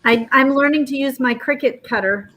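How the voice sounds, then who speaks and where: Lady with a high voice popping into a stream chat, chirpy. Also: moderate pace, bright, forceful tone, poor audio. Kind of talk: casual livestream chat.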